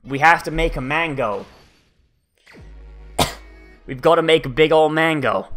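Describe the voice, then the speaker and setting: A man's voice: a little high, unhurried, fairly bright tone, soft background music. A man casually and profanely commenting on a video game he is playing, rambling and exasperated. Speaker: let's play host.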